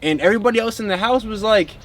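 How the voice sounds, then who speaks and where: Casual, rambling man with a higher voice. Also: fast, fairly bright tone. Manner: rambling, heavy on filler words; addresses viewers as a group. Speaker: spiritual vlogger. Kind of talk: casual spiritual monologue.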